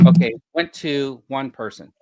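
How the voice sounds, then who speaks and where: A man's voice: mid-range voice, measured pace, mellow, no room sound, studio quality. A man co-hosting a casual panel podcast, rambling as he works numbers out aloud and laughing often. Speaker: podcast co-host.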